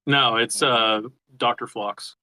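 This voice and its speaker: A man's voice: mid-range voice, steady tone, slow pace, pushed and bright, rough recording. A man co-hosting a podcast, chatting casually and agreeably with chuckling banter. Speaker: podcast co-host. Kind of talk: casual chat. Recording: dry close sound.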